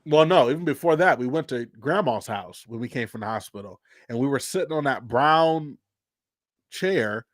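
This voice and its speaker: A man's voice: mid-range voice, lively intonation, moderate pace, dry recording. Dry, close-miked male host. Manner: rambling, laughs often, loose restarts. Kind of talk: unscripted livestream chat.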